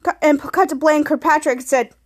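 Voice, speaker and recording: A woman with a high voice recaps a TV episode for her podcast in a casual way. She walks through each scene in turn, stringing it together with repeated "cut to" transitions. She also reads the characters' lines out as she goes. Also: fairly even intonation, quick pace. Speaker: podcast host.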